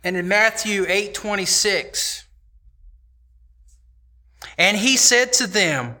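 Bright-voiced, high, unhurried preacher man. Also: lively intonation. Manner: conversational, emphatic, repeats phrases. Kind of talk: sermon.

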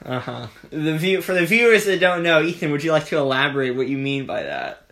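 A man's voice: fairly high pitch, very animated, a little fast, pushed and bright. A young man hosting a casual podcast chat, easygoing and amused. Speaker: podcast host.

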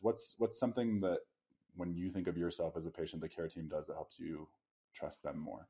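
A man hosting a podcast interview, reflective and halting as he frames his questions. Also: low voice, steady tone. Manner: warm, reflective, hesitant with many ums. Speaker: podcast host. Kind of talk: interview conversation.

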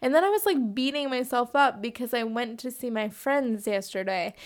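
A young woman hosting a solo podcast, talking candidly and casually, full of "like" fillers and swearing freely. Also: high voice. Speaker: podcast host.

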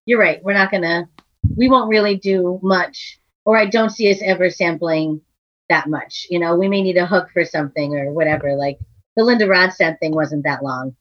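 A woman's voice: lowish voice, normal speed, dry recording, dull audio. Chatty woman podcast co-host. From Massachusetts. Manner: chatty, laughs often, slips into playful put-on accents. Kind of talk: casual chat.

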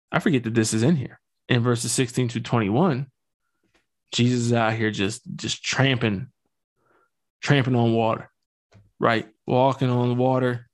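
A young man hosting a relaxed podcast, talking through scripture with slang, jokes and plenty of "um" and "like." His voice sits at an ordinary middle pitch for a man. He keeps the tone loose and conversational. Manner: slangy, joking, loose with fillers. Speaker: podcast host. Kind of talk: casual scripture talk.

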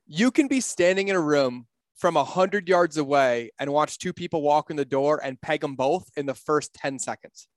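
A middle-aged man speaking as a podcast guest in a casual conversation, blunt and emphatic, with frequent swearing. His voice sits a little high for a man. The sound is dry and close, with no room around it. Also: lively intonation, normal speed, dry recording. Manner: blunt, profane, emphatic storyteller.

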